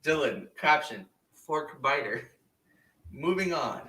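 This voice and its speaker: Animated, rambling man in an echoey room. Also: on the high side, slow, recorded from a distance. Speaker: podcast host. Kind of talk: casual chat.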